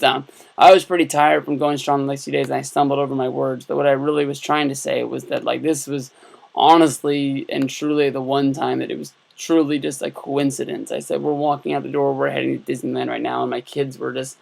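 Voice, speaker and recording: A man in his thirties recaps his trip for his vlog in a loose, unscripted way. His voice has a heavy gravelly rasp at a middling pitch. He keeps circling back with fillers and restarts. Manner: rambling, many fillers and restarts. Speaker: YouTube vlogger. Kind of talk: casual storytelling vlog.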